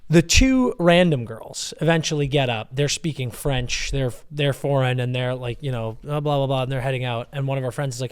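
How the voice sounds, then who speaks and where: A young man co-hosting a podcast, telling a story in an animated, casual way and swearing freely. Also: mid-range voice, normal speed, few pauses, smooth. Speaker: podcast co-host. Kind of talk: casual chat.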